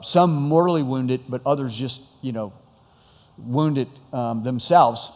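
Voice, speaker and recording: A man's voice: medium pitch, a little mellow, long reverb tail. A man preaching a conversational sermon to his congregation, asking rhetorical questions. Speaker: pastor.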